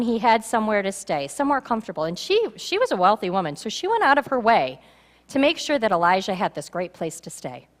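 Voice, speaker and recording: A woman pastor preaching a sermon in a church, animated and acting out the voices of a story. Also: a little high. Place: church sanctuary. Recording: reverberant church hall.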